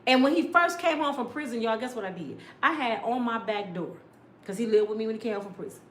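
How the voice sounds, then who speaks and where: A middle-aged woman giving loud, sassy celebrity gossip commentary, ranting and acting out quotes. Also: fairly high pitch, lively intonation, fast, a little hiss or hum. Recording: echoey room.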